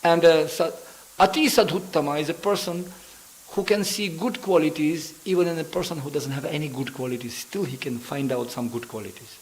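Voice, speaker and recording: A visiting preacher in a temple hall delivers a sermon full of lively stories, acting out characters and laughing often. His voice is fairly high and fairly quick, and the recording quality is low.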